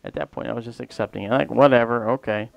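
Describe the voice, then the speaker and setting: A man's voice: mid-range voice, very fast, creaky, no room sound, dull audio, soft background music. A man hosting a livestream and telling a long personal story in a casual, rambling way that often trails off mid-sentence. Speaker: livestream host.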